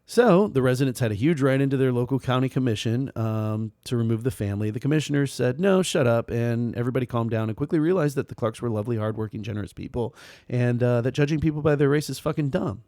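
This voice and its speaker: A man of middling pitch, co-hosting a true-crime podcast and reading out the case. He talks in a casual, sarcastic way, laughing and swearing often. His voice sounds dry and close to the mic. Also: quick pace, dry recording. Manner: dark sarcastic humor, frequent laughter and swearing.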